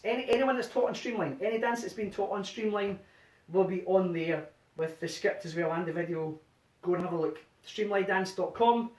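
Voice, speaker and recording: A man's voice: sits high, darkish tone. A man teaching a line dance workshop from his living room, chanting the step counts aloud in rhythm and sounding a bit out of breath. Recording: roomy, distant home video sound.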